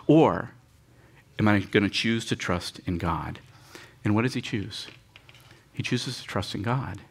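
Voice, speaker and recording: Leading the congregation through scripture read aloud, a man preaches with drama and animation, his pitch leaping suddenly and his sighs clearly audible.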